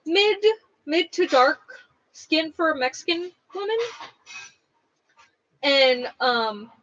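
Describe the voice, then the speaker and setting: A young woman with a high, slightly bright voice hosts a craft livestream, reading out comments as she chats casually. She rambles and uses lots of fillers, and the sound is lo-fi.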